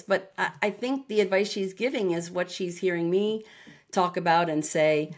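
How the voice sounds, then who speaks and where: A woman guest on a podcast interview, telling stories in a lively way and acting out the lines of people in them. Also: mid-range voice, moderate pace. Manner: lively anecdotal storyteller who acts out dialogue. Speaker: interview guest, retired naval officer. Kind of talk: conversational interview.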